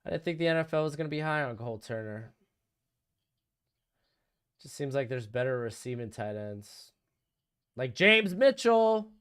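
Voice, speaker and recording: A young man hosting a live stream from home casually reacts to each draft pick and answers his viewers' questions, offering offhand opinions. He's animated and fairly bright, at a moderate pace with frequent pauses, and his pitch swings a lot. The audio is clean and smooth.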